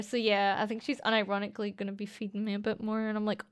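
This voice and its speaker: A woman's voice: fairly high pitch, fast, hardly any pauses, clean tone. A young Scottish woman streamer rambling through a casual story with lots of fillers and giggles. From Scotland. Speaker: streamer and voice actress.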